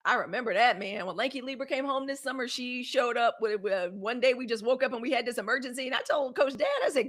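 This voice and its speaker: A woman's voice: a little high, fast talker, few pauses, fairly bright tone. A woman, hosting a live news show in a dramatic, testifying way. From Mississippi, US. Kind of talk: casual livestream chat.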